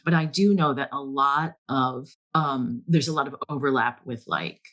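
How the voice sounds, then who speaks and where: A man joins a podcast as a guest and explains things in casual chat, pausing often with ums and restarts. His voice sits at a middle pitch. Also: bright, forceful tone. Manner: hesitant, many ums and restarts while explaining. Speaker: podcast guest, stage actor.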